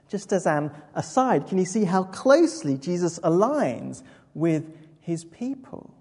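A woman preacher with a fairly low, husky voice speaks a little slowly during a church sermon, recorded in an echoey hall with long reverb. Her storytelling is vivid and expressive, full of asides and direct address to listeners.

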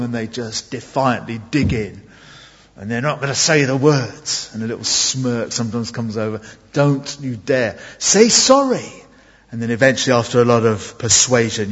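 A man preaching an evening sermon in church, earnest and emphatic, pausing and restarting as he goes. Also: medium pitch, husky. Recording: dull sound with long hall reverb.

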